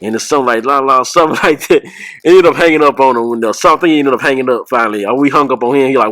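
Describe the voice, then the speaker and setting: A man's voice: mid-range voice, rapid-fire, fairly bright tone, no room sound, low-quality recording. A man hosts a casual podcast, telling long stories and breaking into short impressions of other people. His voice sits in a middle range, and the recording is dry with no room sound. He rambles and laughs as he goes. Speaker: podcast host.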